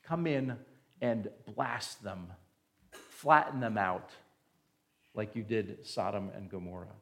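A man's voice: fairly low pitch, slow, gravelly, voice pushed down. A man voicing an angry, resentful prophet who throws accusing questions at God. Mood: indignant. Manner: indignant, accusing rhetorical questions.

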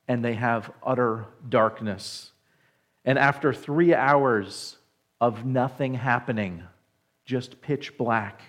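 A man preaching a sermon to his congregation, slow and deliberate, dropping to a hushed voice on solemn phrases. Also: medium pitch. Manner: slow, deliberate preaching with dramatic drops in volume. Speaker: pastor.

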